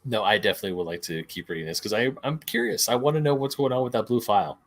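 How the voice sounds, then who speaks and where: A man's voice: medium pitch, expressive, rapid-fire. A man co-hosting a podcast in casual chat, loose and rambling. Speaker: podcast co-host.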